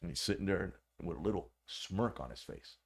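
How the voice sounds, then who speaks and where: A former corrections officer, appearing as a podcast guest, tells a story in a low, gravelly voice with plenty of vocal fry. He speaks at a moderate pace, animated and slangy, swearing throughout this casual tale.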